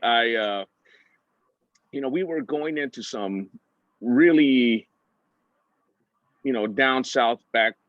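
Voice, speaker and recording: A middle-aged man telling personal stories as a guest speaker, animated and full of "uh" fillers, acting out other people's lines with big pitch jumps. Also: no room sound. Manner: frequent "uh" fillers and restarts. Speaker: guest speaker, entertainment director. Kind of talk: personal storytelling talk. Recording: dull, slightly muffled sound.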